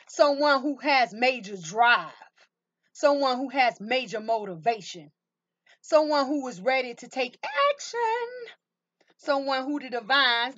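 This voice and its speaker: High-pitched lady doing a tarot reading, keeps asking "see that?", calls folks baby, kinda muffled lo-fi audio. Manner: emphatic, repeats rhetorical questions to viewers; calls viewers baby and honey. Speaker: tarot reader. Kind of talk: tarot card reading to camera.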